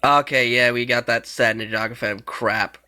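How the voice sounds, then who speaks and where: A man's voice: mid-range voice, fairly even intonation, normal speed, bright, forceful tone, smooth. A man giving casual reaction commentary on show clips, laughing often between lines and swearing casually.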